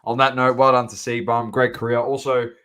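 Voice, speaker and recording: A man's voice: mid-range voice, flat delivery, normal speed, sharp tone. An Australian man co-hosting a sports podcast, chatting casually in blunt, sweary slang. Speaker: podcast co-host.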